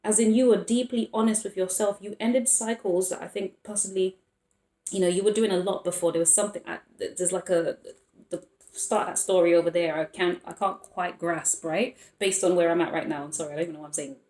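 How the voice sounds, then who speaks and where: A fast-talking woman with a lowish, steady, mellow voice does a casual tarot reading. Her speech rambles and stops mid-thought, sprinkled with frequent small laughs, and the room adds noticeable echo.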